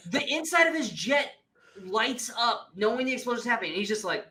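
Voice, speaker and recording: A man co-hosting a movie review podcast, chatting casually in an animated, profane way and acting out scenes in mocking voices. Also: very high voice, slight background noise. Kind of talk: casual chat.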